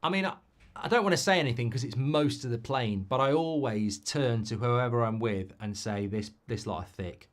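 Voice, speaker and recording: Middle-aged english guy doing a football watchalong, rambling, swears a lot, cynical, animated. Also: mid-range voice, normal speed. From England. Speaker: watchalong host. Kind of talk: live football watchalong chat.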